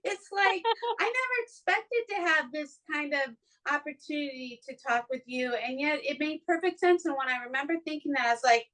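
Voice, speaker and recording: A woman's voice: sits high, lively intonation, normal speed, few pauses, a bit bright, rough recording. A woman hosting a podcast from her home studio, chatting casually in an effusive, emotional way, with many restarts. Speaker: podcast host. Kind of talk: casual chat.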